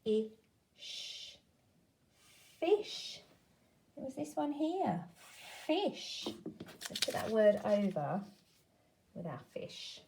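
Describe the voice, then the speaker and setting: A woman teacher leads a phonics lesson for small children, taking her time over every word. She breaks words into their sounds with careful, clear speech and coaxes the children to say them with her. Her pitch sits in an ordinary middle range. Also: big pitch swings, takes it slowly, warm tone, slight background noise.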